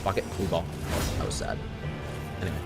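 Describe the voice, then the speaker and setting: Deep-voiced man commentating a speedrun. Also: a little fast. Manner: excitable, self-mocking, swears freely. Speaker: speedrunner commentating his own run. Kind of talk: casual gameplay commentary. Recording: game music clearly behind the voice. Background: game music.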